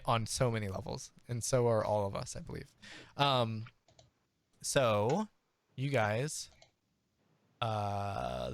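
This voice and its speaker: A man serves as game master, narrating in a relaxed, halting way. He is full of ums and restarts, at an ordinary pitch. The sound is close and dry. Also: no echo. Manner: easygoing, halting, many fillers.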